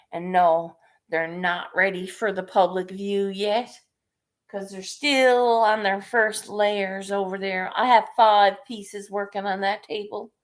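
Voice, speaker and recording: A woman chatting casually with viewers on her live stream, laid-back and chatty. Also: medium pitch. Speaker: live stream host and artist.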